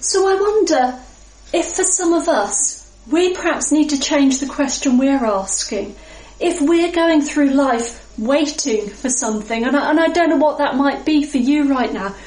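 A woman preaching a sermon in a reflective, measured way with pauses. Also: high-pitched. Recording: echoey room.

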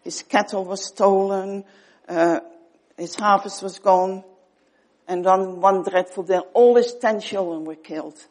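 A woman preaching an earnest sermon, pausing often and dropping to soft tones for emphasis. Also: mid-range voice, fairly even intonation.

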